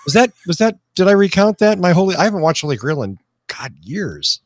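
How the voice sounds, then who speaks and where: A man's voice: sits high, sing-song, brisk, no echo. A man from California chatting on a podcast, joking with sarcastic asides. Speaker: podcast co-host. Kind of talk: casual podcast chat.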